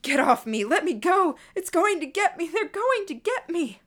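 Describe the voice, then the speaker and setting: A woman's voice: very high-pitched, big pitch swings, moderate pace, a bit bright, voice pushed up, exaggerated voice. A woman voicing a panicking young man who shrieks and begs in frantic terror, in an audiobook. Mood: panicked.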